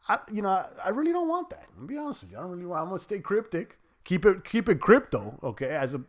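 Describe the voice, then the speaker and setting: A man's voice: a little high, a bit bright. A man hosting a livestream, chatting loosely and reading viewer comments aloud. He rambles with many fillers and restarts and trash-talks trolls playfully. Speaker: crypto livestream host.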